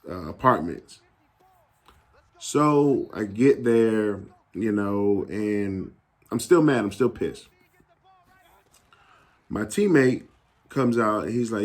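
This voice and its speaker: A young adult man telling a casual story in an animated, slangy way, acting out the people he quotes. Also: on the low side. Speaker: YouTube gaming channel host.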